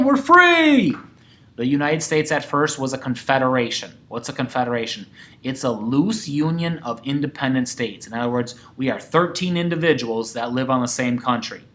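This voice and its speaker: A man teaching a sixth-grade history lesson, talking to his class and acting out quoted voices. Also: medium pitch. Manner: animated, acts out quoted voices.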